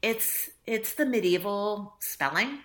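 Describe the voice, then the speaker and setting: A woman's voice: medium pitch, lively intonation, slow, fairly bright tone. A woman author talking reflectively in a casual interview, laughing often and acting out little dialogues. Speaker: author guest.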